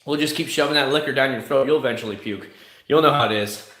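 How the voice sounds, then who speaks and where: A man's voice: mid-range voice, quick pace, fairly bright tone, roomy sound. Blunt, profane Florida man ranting. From South Florida. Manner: blunt, profane, mocking impressions of others. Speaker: livestream host answering chat. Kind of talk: casual ranting chat. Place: home room, in Kissimmee.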